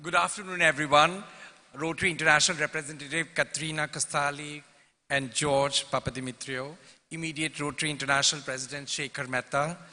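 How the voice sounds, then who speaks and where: A club president gives a formal welcome address in a large convention hall, the recording carrying a long reverb. Reading prepared remarks and listing dignitaries, he speaks briskly in a high-leaning, sharp voice with fairly even intonation.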